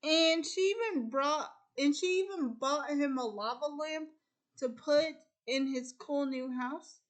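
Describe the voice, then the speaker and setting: A high-pitched woman who hosts a casual chat and retells a film's plot at an unhurried pace. She strings each event onto the last with "and then," and often circles back to restart a thought. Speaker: host.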